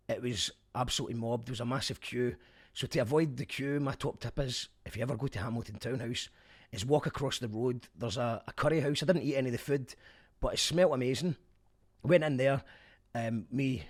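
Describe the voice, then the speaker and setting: A younger Scottish man hosts a podcast, reviewing a concert in a loose, chatty way. His voice sits at an ordinary middle pitch, and he slips in the occasional dry, wry joke along the way.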